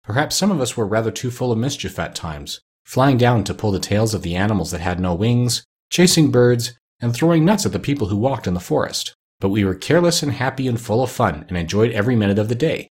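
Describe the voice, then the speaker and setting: A man's voice: lowish voice, expressive, brisk, hardly any pauses, a little mellow, husky. A man voicing the proud king of the winged monkeys, telling a long tale in a storybook reading. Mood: storytelling.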